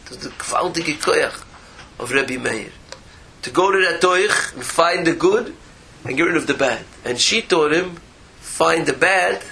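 A man giving a Torah lecture as a rabbi, animated, with rhetorical questions and repeated phrases. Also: a little high, gravelly, low-quality recording.

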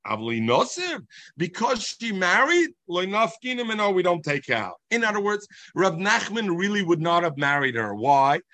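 Lively sing-song male Talmud teacher. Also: sits high, moderate pace, dry recording. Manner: sing-song, animated explaining, mixes Hebrew and Yiddish terms. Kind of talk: Talmud class lecture.

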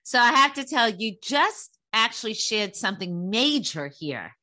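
Bright-voiced woman podcast host. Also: a little high, big pitch swings, measured pace. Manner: warm, praising interviewer. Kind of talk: podcast interview.

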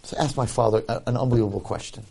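Here a rabbi with a creaky, husky voice of medium pitch talks rapid-fire through a story in his Torah lecture. He animatedly plays the people involved and keeps restating the key ideas to stress them.

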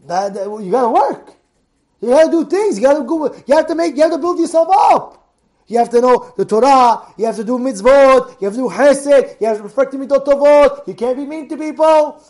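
A man giving a sermon as a lively story, swinging from loud urging to hushed, quiet storytelling. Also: very high-pitched, normal speed.

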